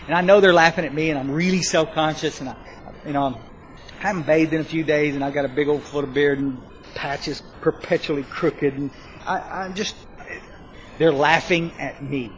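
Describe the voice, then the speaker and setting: A man telling his recovery story to a live audience, rambling and self-mocking, with bursts of loud emphasis. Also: a little high, fairly even intonation, moderate pace, a little hiss or hum, poor audio. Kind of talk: spoken testimony to a live audience.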